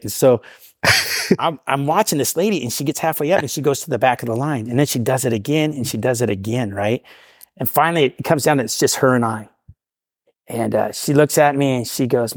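A man who is a podcast guest speaks quickly and earnestly, often tagging on "right?" His voice sits at a middle pitch. The recording is close and dry. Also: no room sound. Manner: earnest, keeps saying "right?". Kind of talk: personal storytelling.

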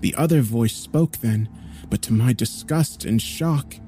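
A male narrator tells a horror story in a measured, grave way. His voice is mellow and mid-pitched, with faint music underneath.

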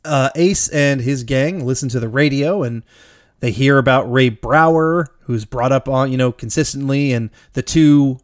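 A man's voice: medium pitch, moderate pace. A man co-hosting a podcast, walking through a film scene by scene in a loose, rambling way. He swears casually and laughs often. His voice sits in a middle register and the sound is close and dry, with no room echo. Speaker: podcast co-host. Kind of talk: casual movie recap chat.

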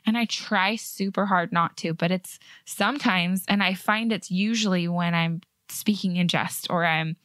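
A woman's voice: fairly low pitch, unhurried, few pauses, a bit bright, dry recording. A woman hosting a faith podcast, talking in an earnest, chatty way with light laughs. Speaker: podcast host. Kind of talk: casual faith podcast chat.

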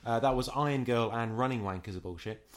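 A man co-hosts a relaxed podcast, cracking jokes as he works through listener messages. His voice sits at an ordinary middle pitch. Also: fast. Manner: jokey, reads listener messages. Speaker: podcast co-host. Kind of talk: casual chat.

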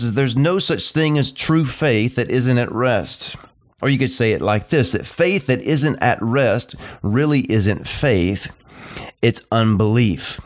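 A middle-aged man preaching a sermon, repeating short phrases and slowing down to stress key points. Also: medium pitch. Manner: emphatic, repetitive preaching cadence, slows down on key phrases.

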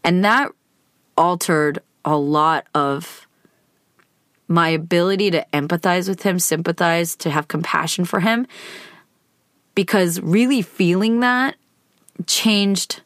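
Woman, podcast host, personal storytelling, candid, conversational, lowish voice, dry sound. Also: slow, pauses often, dry recording. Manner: candid and conversational, with frequent hedging fillers.

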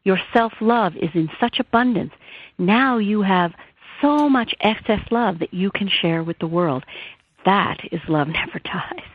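A woman's voice: mid-range voice, expressive, a little slow. A woman author and therapist, telling a personal story in an earnest, heartfelt way during an interview. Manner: earnest, heartfelt, rises and falls with emotion. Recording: tinny phone line.

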